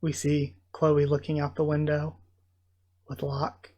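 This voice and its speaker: Male host, casual manga readthrough, emotional and exclaiming, light pitch. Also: completely flat delivery, slow pace, warm tone. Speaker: channel host.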